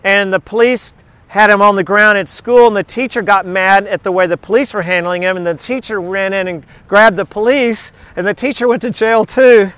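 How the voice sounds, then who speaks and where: A man's voice: high-pitched, fairly even intonation, moderate pace, fairly bright tone, clean tone, dry recording. A middle-aged man leading a Bible study in an informal sermon, talking conversationally, repeating key words and slipping in jokes.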